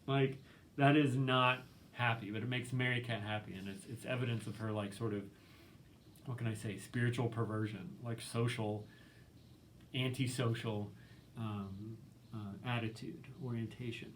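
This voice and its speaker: A man's voice: mid-range voice, fairly even intonation, normal speed, a little hiss or hum. A male literature professor giving a recorded lecture in a casual, conversational way, full of ums and likes, reading quotes aloud.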